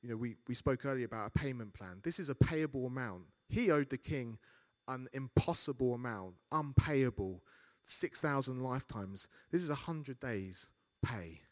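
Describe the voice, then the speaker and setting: Male preacher giving a sermon, animated delivery, acts out inner thoughts. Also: medium pitch, normal speed.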